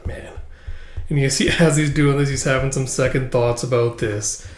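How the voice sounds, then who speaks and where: A man's voice: mid-range voice, steady tone, moderate pace. Casual man narrating a comic aloud. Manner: casual, filler-heavy narration. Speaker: manga reader and commentator. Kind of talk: casual read-along commentary. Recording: roomy echo.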